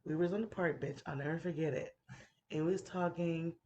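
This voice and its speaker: A woman hosting a casual chat, playful and giggly, who sometimes drops into soft whispers. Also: lowish voice, brisk. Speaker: podcast host.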